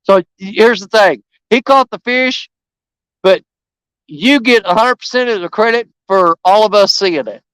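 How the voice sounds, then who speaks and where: Man, high voice, dry close sound, folksy and enthusiastic live-stream chat by a river. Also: unhurried, a bit bright, clear, resonant tone, dry recording, poor audio. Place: outdoors by a river.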